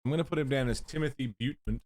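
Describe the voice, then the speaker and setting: A livestreamer plays a puzzle game and provides live commentary in a mid-range voice, talking at a racing speed. He thinks aloud, mutters guesses, swears now and then, and breaks into bursts of excited chat to greet viewers. There's no room sound.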